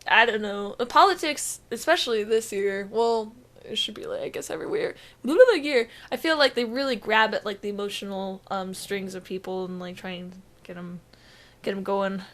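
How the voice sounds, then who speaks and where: A woman's voice: mid-range voice, moderate pace, fairly bright tone. A young woman co-hosting a casual gaming podcast, rambling with lots of fillers and giggles. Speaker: podcast co-host.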